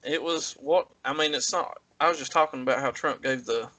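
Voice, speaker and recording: A man's voice: on the high side, a little fast, bright, forceful tone, low-quality recording. A man hosting a podcast, moderating the chat, handing turns to others and teasing his co-hosts. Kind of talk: casual political chat.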